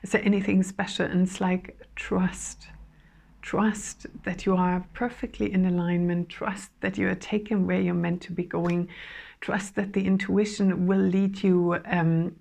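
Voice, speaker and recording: A woman with a voice going hoarse, giving an earnest, flowing spiritual talk about channeled messages, with soft laughs and fillers. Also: lowish voice, flat delivery, moderate pace.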